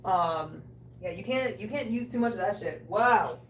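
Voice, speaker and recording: A woman hosting a cooking livestream, chatting casually, loud, joking and swearing with her chat. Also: mid-range voice, lively intonation, moderate pace, slight background noise. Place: small bathroom. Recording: echoey room, a bit distant.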